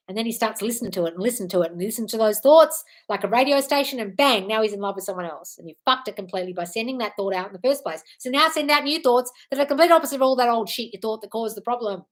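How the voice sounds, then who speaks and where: A woman's voice: a little high, quick pace. An Australian woman hosting a live-stream Q&A, reading out comments and answering bluntly but affectionately, calling listeners darling. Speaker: manifestation coach.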